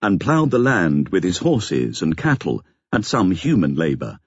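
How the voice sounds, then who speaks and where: Deep, husky male audiobook narrator. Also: big pitch swings, measured pace, no echo, highs cut off.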